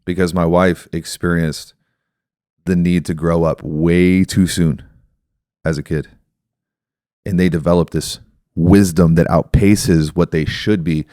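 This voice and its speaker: A man's voice: low voice, steady tone, unhurried, pauses often, warm tone, no room sound, clean studio sound. A man in his thirties hosting a podcast, telling a story and explaining ideas in a reflective, casual way. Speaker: podcast host.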